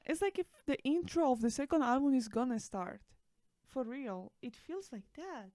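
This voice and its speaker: A young woman reacting to an album in a casual vlog, gushing and excitable, rambling with fillers and restarts. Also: high-pitched, moderate pace, soft background music. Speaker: music reaction vlogger.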